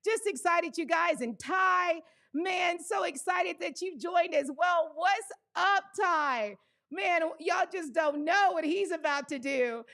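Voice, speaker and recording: A woman hosting a live stream, exuberantly greeting viewers by name with whoops, laughs and shouted shout-outs. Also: extremely high pitch, slow pace, gravelly. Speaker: livestream host.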